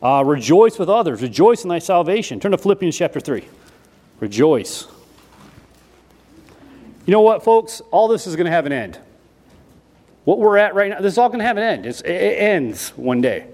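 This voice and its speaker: A man preaching a sermon in a folksy, repetitive way, switching between loud emphasis and quiet asides. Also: high-pitched, big pitch swings, normal speed, long pauses. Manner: folksy, repeats himself with restarts.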